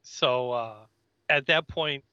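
A man's voice: medium pitch, takes it slowly, pushed and bright, muffled recording, slight background noise. A man co-hosting a podcast, chatting casually as he recaps an episode and acts out the characters' lines. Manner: retells scenes, acting out character lines. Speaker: podcast co-host.

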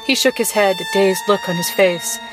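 A woman's voice: mid-range voice, little pitch movement, normal speed. Woman narrating a story over violin. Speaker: podcast co-host reading passages. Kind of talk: dramatic audiobook narration. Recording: violin music underneath.

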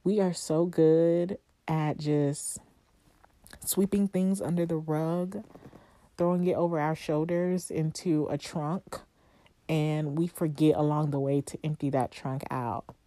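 Woman host, deep mellow voice, unhurried reflective monologue, dry close sound. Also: steady tone, dry recording. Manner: heartfelt, conversational, with long pauses and rhetorical questions. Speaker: podcast host. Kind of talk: reflective solo podcast monologue.

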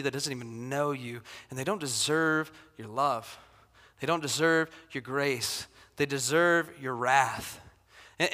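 A middle-aged man, a pastor, preaching a sermon in a church in a conversational, animated way, acting out quotes from the story. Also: on the high side. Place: church sanctuary. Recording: long hall reverb.

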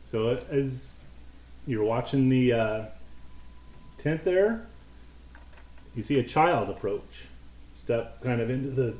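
A man narrating as game master for a tabletop game, in a chatty, halting way with fillers and restarts. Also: medium pitch, animated, a little mellow. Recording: roomy room.

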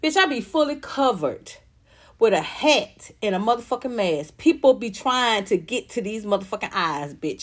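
A woman's voice: fairly high pitch, expressive, moderate pace. A woman in her fifties, a comedian, ranting to viewers on a livestream, profane, repetitive and fired up. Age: 50s.

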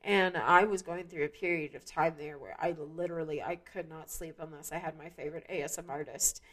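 Her voice sits low and steady, fairly bright, and moves at a fairly quick clip. Hosting her own podcast, she talks through a casual, rambling monologue full of restarts and fillers.

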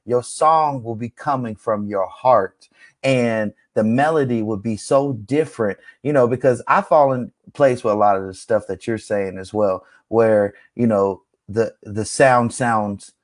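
A man hosting a casual faith conversation, encouraging, his voice rising like a preacher's when he makes a point. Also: measured pace. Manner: encouraging, preacher-like rises in pitch. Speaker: host.

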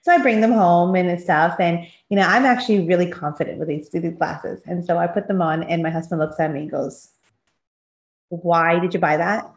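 Woman co-host, lively storyteller voicing quoted dialogue, recorded in a roomy space. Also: lowish voice, fairly quick, few pauses. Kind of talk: casual chat. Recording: echoey room.

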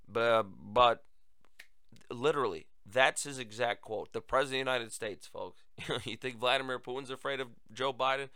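A man's voice: medium pitch, measured pace, sharp tone, smooth, dry recording, studio quality. A male talk show host giving political commentary in a sarcastic, emphatic, mocking way.

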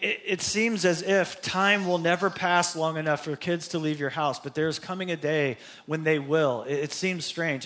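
A man's voice: high-pitched, pushed and bright. A middle-aged man preaching a sermon as pastor, in a conversational style with personal asides.

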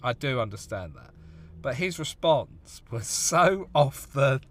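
A man's voice: medium pitch, big pitch swings, takes it slowly, a bit bright. A young man, a comedian, chatting casually on a podcast about gigs, with frequent ums. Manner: chatty, hesitant fillers, laughs at anecdotes. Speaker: stand-up comedian and podcast co-host.

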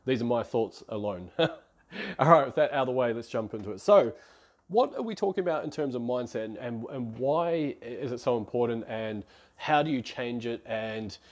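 A man's voice: medium pitch, expressive, normal speed. A man, hosting a solo podcast in a chatty, rambling, self-deprecating way. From New Zealand. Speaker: podcast host.

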